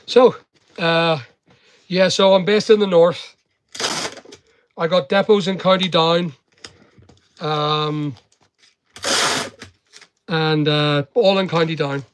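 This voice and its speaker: A man's voice: a little high, fairly even intonation, slow, long pauses, smooth. Chatty Northern Irish man packing orders. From Northern Ireland. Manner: rambling, chatty, talks to viewers by name. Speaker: online seller livestreaming. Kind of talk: casual livestream chat while packing orders.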